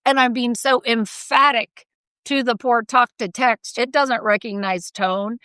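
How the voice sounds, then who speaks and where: A woman's voice: fairly high pitch, fairly even intonation, unhurried, pushed and bright, no room sound. A woman co-hosting a podcast in casual chat, talking emphatically and laughing often. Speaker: podcast co-host.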